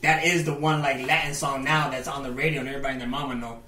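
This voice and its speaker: Bright-voiced man in an echoey room. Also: mid-range voice, racing, slight background noise. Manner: profane, laughing, animated banter. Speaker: podcast co-host. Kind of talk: casual chat. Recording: echoey room, far from mic.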